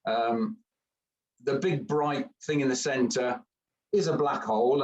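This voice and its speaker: A man's voice: medium pitch, a little mellow, far from the mic, rough recording. A man giving a chatty, joking camera club talk with many fillers.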